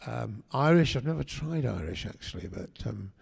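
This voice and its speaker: A man's voice: mid-range voice, animated, normal speed, creaky, darkish tone, slightly rough. An older man, a guest actor, telling chatty anecdotes at a convention panel interview, with frequent restarts. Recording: echoey hall.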